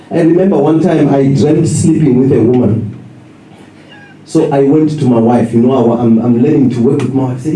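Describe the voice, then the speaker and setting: A man preaching a lively sermon at a men's conference, joking, laughing often and acting out quotes. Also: fairly high pitch, fairly quick, slight background noise. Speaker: pastor. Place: large church hall. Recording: echoey hall recording from far off, with audience.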